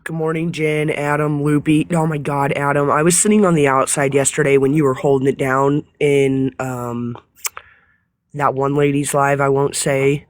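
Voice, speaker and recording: On her live stream, a woman chats casually in a low-pitched voice at a moderate pace, captured in a dry recording. Her storytelling is lively, peppered with curses and laughs.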